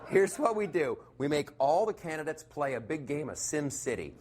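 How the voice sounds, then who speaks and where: A man's voice: a little high, normal speed, few pauses, a crowd in the background. A man from the United States delivering a sarcastic stand-up comedy monologue, laughing at his own jokes.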